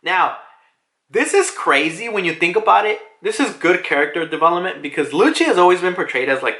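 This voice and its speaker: A man's voice: sits high, animated, moderate pace, sharp tone. A man giving a casual, rambling manga chapter review, swearing often and packing in fillers. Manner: rambling, profane, heavy on fillers like "like". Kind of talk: casual commentary. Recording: echoey room.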